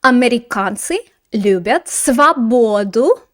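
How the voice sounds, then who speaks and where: A woman teaching Russian grammar, correcting a student's mistakes in chatty, lively explanations. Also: on the high side, slow pace.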